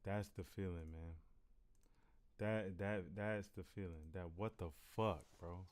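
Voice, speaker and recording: Low-voiced male host, casual rambling motivational talk, candid and profane. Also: fairly even intonation, slow pace, darkish tone, clean tone. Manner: rambling, repeats "you know what I'm saying". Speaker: reaction video host.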